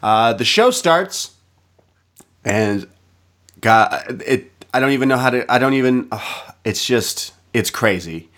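A man's voice: mid-range voice, animated, a little slow, a bit bright. A man co-hosting a casual podcast, recapping a movie in a rambling way, often laughing. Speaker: podcast co-host.

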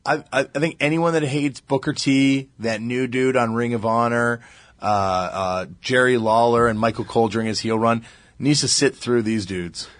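A man co-hosts a podcast in joking, quick banter. His voice sits at a middle pitch. The recording is dry and close. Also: no echo. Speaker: podcast co-host. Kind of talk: casual chat.

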